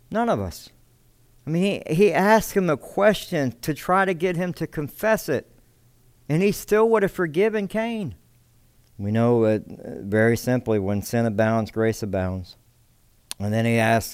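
Man preaching a sermon, smooth and dry. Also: dry recording. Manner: swings between loud emphasis and low, quiet asides; repeats words for emphasis.

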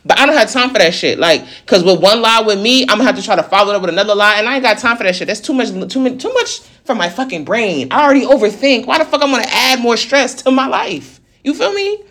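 A vlogger venting through a personal story, blunt and full of swearing. The sentences pile up fast and run together in a heated, unfiltered flow. The pitch sits right in the middle of the usual range. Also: animated, fairly bright tone. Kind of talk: casual storytelling rant.

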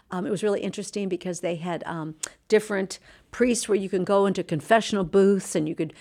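Earnest middle-aged woman preaching. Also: medium pitch. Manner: earnest, preachy, drawn-out emphatic phrases; drops to a soft, hushed tone when reflective. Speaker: Christian host and speaker. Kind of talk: devotional talk to camera.

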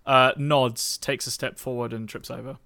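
A man's voice: medium pitch, little pitch movement, normal speed, gravelly, bright, forceful tone, no room sound, clean studio sound. A man playing a tabletop game, joking and playful. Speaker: player. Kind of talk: casual tabletop play.

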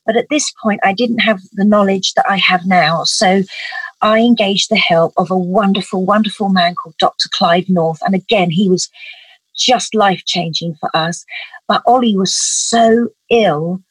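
A woman's voice: medium pitch, moderate pace, slightly rough, no room sound, poor audio. A middle-aged woman, telling an emotional personal story as an interview guest in an earnest, vivid way. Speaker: guest, parent advocate.

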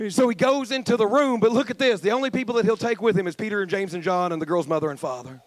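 High-voiced preacher, dry sound. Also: male voice, quick pace, few pauses, dry recording. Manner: repetitive, rhythmic preaching cadence; earnest, emphatic storytelling. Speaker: pastor. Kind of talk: sermon.

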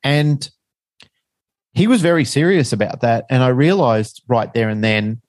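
A man's voice: medium pitch, animated, unhurried, a little mellow, no room sound. A middle-aged man, telling a personal story as a guest in a frank, rambling, self-deprecating way.

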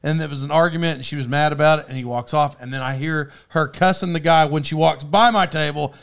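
Male podcast host with a fairly high voice, chatty and rambling, trips over his own sentences and laughs a lot, studio recording. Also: quick pace, vocal fry, clean tone. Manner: rambling, self-interrupting, laughs often. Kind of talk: casual storytelling chat.

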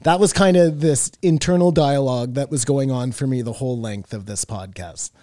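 A man's voice: mid-range voice, normal speed, mellow, dry recording, studio quality. A man co-hosting a podcast in casual chat, rambling between thoughts and swearing offhandedly. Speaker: podcast co-host.

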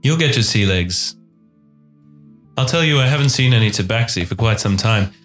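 A man's voice: fairly low pitch, expressive, normal speed, fairly bright tone, faint music behind. A man voicing a vain, flamboyant elven pirate captain who talks theatrically. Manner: theatrical, grandly welcoming.

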